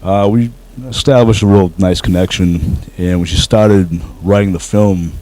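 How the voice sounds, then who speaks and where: Deep-voiced man, humble actor guest. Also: fairly even intonation, unhurried, dark tone, low-quality recording. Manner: humble, hesitant with many fillers. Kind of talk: casual interview.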